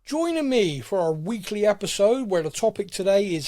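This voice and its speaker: Lively podcast host. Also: medium pitch, moderate pace, slight background noise. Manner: chatty, laughing, self-mocking. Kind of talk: casual podcast chat.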